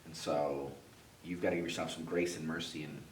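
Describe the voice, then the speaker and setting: A man's voice: rumbling low, fairly even intonation, brisk, recorded from a distance. A man talking as a podcast co-host and father, giving earnest advice in a casual way. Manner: earnest, advising, lots of "yeah" backchannels. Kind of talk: casual chat. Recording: roomy, off-mic, faint hiss.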